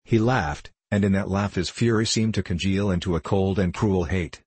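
A man narrates an audiobook at a measured, steady pace. His voice is very low and husky. The recording is dry and close. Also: no room sound.

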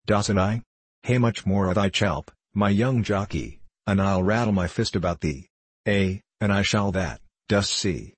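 A man's voice: fairly low pitch, unhurried, dry recording. A man voicing a snarling drunken miner father. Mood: furious threat. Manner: snarling, bullying, broad dialect. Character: brutal drunken male coal miner father.

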